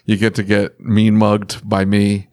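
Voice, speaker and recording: A man's voice: on the low side, a little slow, dry recording, studio quality. A man hosting a podcast in casual chat, joking and telling stories with laughs in his voice. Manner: joking, lively storytelling, laughs while talking. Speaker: podcast host.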